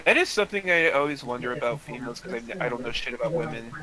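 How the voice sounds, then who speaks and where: A man's voice: medium pitch, expressive, rough recording. Jokey man over crowd noise. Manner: jokey, quick interjections. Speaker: podcast co-host. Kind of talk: casual chat. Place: online voice call.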